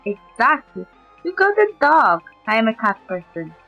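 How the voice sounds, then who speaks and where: A woman's voice: on the high side, sing-song, normal speed, pushed and bright. A woman streamer, a native Polish speaker, reading game dialogue aloud and switching between character voices. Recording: dull lo-fi mic with music behind.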